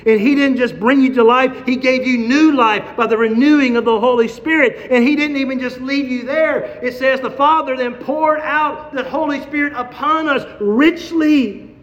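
High-voiced male preacher in a hall. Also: moderate pace, fairly bright tone. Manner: expository, rhetorical questions, emphatic repetition. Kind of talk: sermon. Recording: dull sound with long hall reverb.

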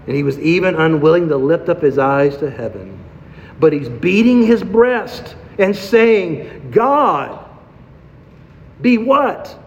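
A man's voice: a little high, darkish tone, a little hiss or hum. A male preacher giving an expository sermon, posing rhetorical questions and driving points home by repetition. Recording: dull sound with long hall reverb.

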